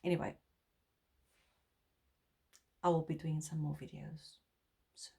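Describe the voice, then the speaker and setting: Young South African woman, heartfelt, slow and rambling to camera. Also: deep voice, little pitch movement, gravelly, darkish tone, husky. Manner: earnest, heartfelt, rambling with restarts. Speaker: vlogger. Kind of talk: personal talk to camera.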